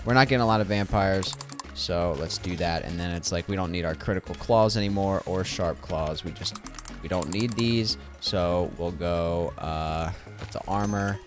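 A man's voice: low-pitched, normal speed. A man streaming a game, joking and rambling to himself in casual gameplay commentary. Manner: joking, rambling, self-talking while playing. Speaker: gaming streamer. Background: game music.

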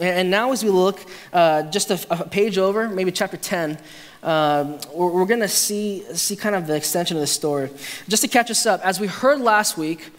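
A male pastor preaching a conversational, humorous sermon, acting out quotes with restarts. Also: sits high. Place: church sanctuary. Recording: hall reverb.

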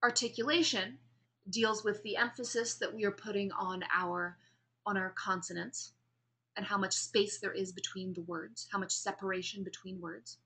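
A woman giving a classroom lecture on public speaking, explaining vocal variety and demonstrating pace and pauses as she talks. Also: medium pitch, steady tone, fairly bright tone.

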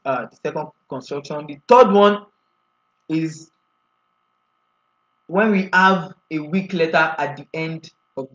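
A man's voice: on the high side, a bit bright, dull audio. A man teaching Arabic grammar in a class lecture, explaining each step and often asking the students to fill in the answer.

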